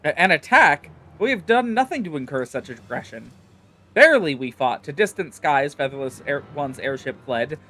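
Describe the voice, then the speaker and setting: A man voicing an agitated, proud bird-folk warrior in a game, loud and squawky, speaking in inverted word order. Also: on the high side, big pitch swings, moderate pace, heavily acted. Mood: squawking.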